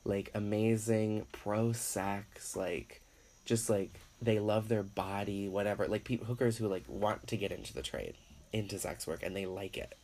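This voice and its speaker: Rambling, low-voiced man ranting. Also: a little slow, a little mellow. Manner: rambling, profane, heavy use of filler "like". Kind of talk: casual opinion rant.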